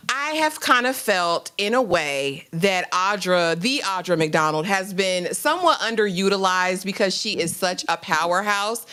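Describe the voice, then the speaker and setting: A woman co-hosting a live TV recap, chatting casually and acting out characters' lines with animated delivery. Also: medium pitch. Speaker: podcast co-host.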